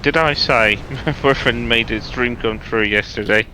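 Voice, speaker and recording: A man chatting casually on a stream, often pausing and searching for words. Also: medium pitch, background noise. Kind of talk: casual chat.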